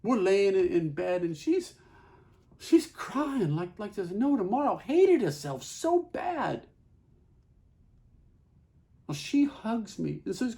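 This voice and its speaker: A man performing a theatrical monologue as a plain-spoken husband, folksy and halting, with many repeats. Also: high-pitched, sing-song, vocal fry, dark tone. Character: Carl, plain-spoken middle-aged husband.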